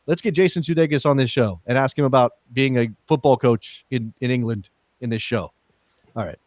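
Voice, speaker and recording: A man's voice: mid-range voice, a little fast, a little mellow, no echo. A man co-hosting a podcast, chatting casually with teasing, joking banter. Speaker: podcast co-host. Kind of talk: casual chat.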